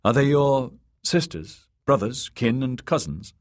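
A man voicing an earnest young woman warrior, in formal, steady audiobook dialogue. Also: mid-range voice, unhurried, pitched above the performer's own voice, natural voice. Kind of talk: audiobook character voice.

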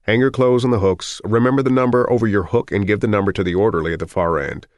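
A man's voice: on the low side, quick pace, dry recording, studio quality, lightly acted. A man voicing a bored, curt male doctor who snaps clipped orders during an audiobook reading. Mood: curt commanding.

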